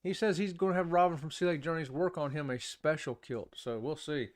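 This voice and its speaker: A man hosts a casual live-streamed talk show. His voice sits a little high for a man. He rambles, chats warmly with viewers by name and laughs often between remarks. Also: steady tone, fairly quick.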